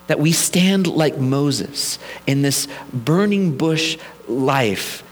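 A man's voice: on the high side, animated, drawn-out words. A male pastor preaching a sermon in a conversational, storytelling way, with humorous asides.

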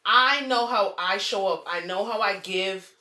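A woman co-hosting a casual podcast, talking bluntly and profanely with emphatic, drawn-out phrasing. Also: medium pitch, sharp tone, echoey room. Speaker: podcast co-host.

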